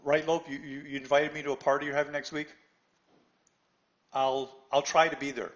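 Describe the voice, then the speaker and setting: A man teaching trading to an online class in a slightly high voice. He is blunt and pushy, keeps checking with "right?", and trips over his own restarts as he challenges students by name. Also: little pitch movement, normal speed. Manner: blunt, repeats "right?" often, stammers on restarts. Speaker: trading instructor. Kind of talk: live webinar lesson.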